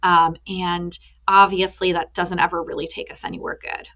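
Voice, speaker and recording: A woman in her thirties speaks as a podcast guest, drawing on her work as a therapist. Her voice is bright and forward. She tells stories with energy and acts out the quoted lines as she goes. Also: lowish voice, moderate pace. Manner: animated storyteller who acts out quotes. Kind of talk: podcast interview.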